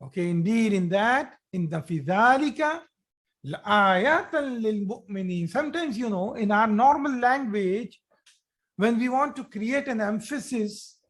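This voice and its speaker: A man's voice: high voice, lively intonation, fairly bright tone. A man teaching an online Arabic lesson, repeating key phrases, often checking in with "okay" and restarting his sentences. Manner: repeats phrases slowly for emphasis, addresses students directly.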